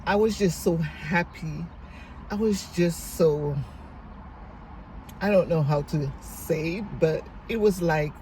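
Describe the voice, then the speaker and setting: A woman's voice: lowish voice, slow pace, pauses often, a little mellow, a little hiss or hum, low-quality recording. A middle-aged woman vlogger tells a family reunion story in a heartfelt way, sometimes tearful, and acts out what each person said. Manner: heartfelt, tearful at times, retells dialogue; gives faith-based encouragement. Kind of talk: emotional storytelling vlog.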